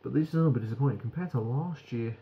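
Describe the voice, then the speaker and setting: Gravelly British man reviewing beer. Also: medium pitch, very fast, dull audio. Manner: frank, rambling, swears casually. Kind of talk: casual beer review vlog.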